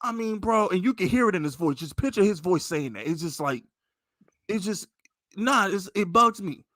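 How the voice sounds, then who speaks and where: Podcast host, a New York man with a high voice, emphatic and heated, delivered dry with no room echo. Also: lively intonation, normal speed, a bit bright. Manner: heated, profane, emphatic venting. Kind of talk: casual sports podcast rant.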